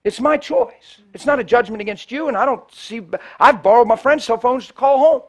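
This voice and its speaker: A male preacher telling a story in a sermon, swinging between loud preaching and hushed, near-whispered storytelling, and acting out the people he quotes. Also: very high-pitched, moderate pace. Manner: acts out the people in his stories in quoted voices.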